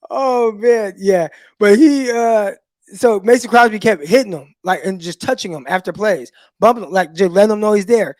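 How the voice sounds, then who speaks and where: A high-pitched man co-hosting a sports podcast, telling stories in a lively way and acting out the quotes. His voice sounds dry and close to the mic. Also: moderate pace, no room sound. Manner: animated storyteller, acts out quotes. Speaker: podcast co-host, former cornerback. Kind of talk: casual sports podcast chat.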